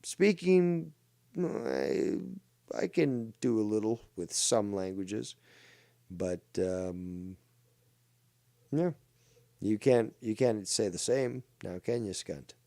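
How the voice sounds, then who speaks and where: A man rants through a commentary segment, slow and deliberate, jeering and cursing at a rival. His voice sits low and mellow. The sound is close and dry. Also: animated, no echo. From Ontario, Canada. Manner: mocking, insulting, profane. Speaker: commentary show host. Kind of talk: ranting commentary.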